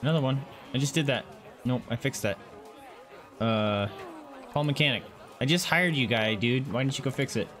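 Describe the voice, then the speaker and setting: A man's voice: mid-range voice, moderate pace, pauses often, a bit bright, soft background music. A man commenting on his own playthrough of a zoo game, who gushes over the animals in baby talk and mutters to himself through the menus. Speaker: gaming channel host.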